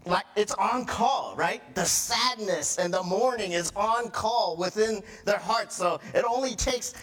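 A man's voice: sits high, unhurried, a bit bright. A middle-aged male pastor giving a conversational sermon, acting out crying children and tantrums as he talks.

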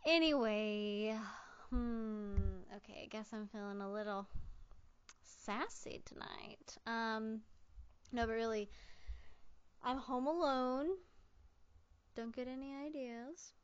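A woman's voice: a little high, slow pace, pauses often, smooth, muffled recording. A woman hosting a solo podcast from home on a fancy microphone, rambling with goofy jokes and self-corrections. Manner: loopy, jokey, self-interrupting, keeps saying "just kidding". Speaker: podcast host. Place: at home, alone. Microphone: fancy studio microphone.

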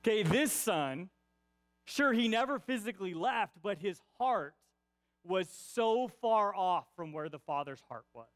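A male pastor with a high voice gives a casual, conversational sermon, checking in with his listeners again and again. He repeats his main points for emphasis, and the sound is dry, with no room echo. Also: animated, measured pace. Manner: peppers points with "right?" tag questions; repeats key lines for emphasis.

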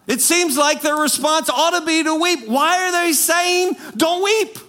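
A man preaching a sermon with animated, self-mocking asides that sink into quiet, intense passages. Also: very high voice, moderate pace. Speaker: pastor.

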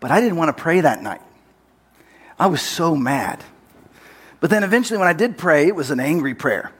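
A man's voice: sits high, animated, normal speed, long pauses, breathy edge. A man preaching, telling a personal story in a candid, self-deprecating way with light laughter. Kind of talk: sermon storytelling.

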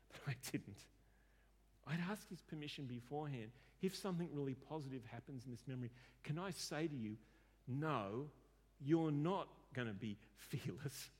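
A man's voice: mid-range voice, darkish tone, slightly rough. A man preaching a sermon and telling a story conversationally, often repeating words as he starts a sentence. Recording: long hall reverb.

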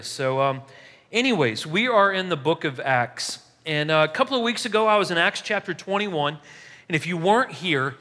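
A man preaching a sermon, telling a story in a casual, animated way and laughing along as he goes. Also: a little high. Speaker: pastor. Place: church hall. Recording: echoey hall.

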